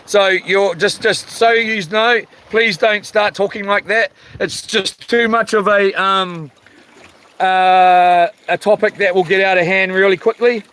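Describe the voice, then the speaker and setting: Male New Zealand live-stream host, high-pitched and slow, easygoing chat reader who gets firm when annoyed. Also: pushed and bright, smooth, poor audio. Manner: laid-back, lots of ums, chuckles, firm when annoyed.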